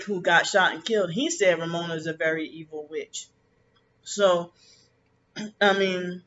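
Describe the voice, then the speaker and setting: Man, high and bright, halting bitter vlog rant, lo-fi dull audio with light hiss. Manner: rambling, halting, many restarts; bitter and resentful about family. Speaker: vlogger. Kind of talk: casual personal monologue. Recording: dull lo-fi with faint background noise.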